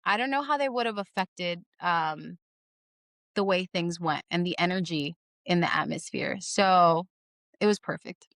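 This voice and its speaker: A woman's voice: fairly low pitch, a little slow, fairly bright tone, no room sound, studio quality. A young adult woman, a podcast guest, telling her story in casual, earnest speech and repeating phrases for emphasis.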